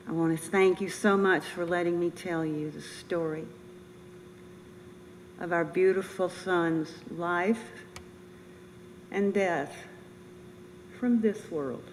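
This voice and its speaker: An older woman giving a personal memorial speech as a bereaved military mother, earnest, halting and emotional. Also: on the low side. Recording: reverberant room with faint noise.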